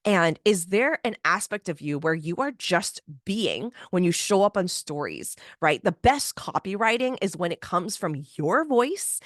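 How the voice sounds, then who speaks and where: Animated woman coaching, dry close sound. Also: mid-range voice, dry recording. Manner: animated, keeps asking "right?". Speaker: business coach and podcast host. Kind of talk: casual motivational monologue.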